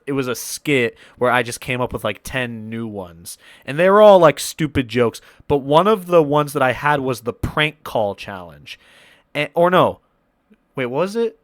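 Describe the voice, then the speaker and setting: A man's voice: medium pitch, a bit bright, clear, resonant tone, no room sound. Man rambling through a story, dry sound. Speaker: podcast host. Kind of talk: casual chat.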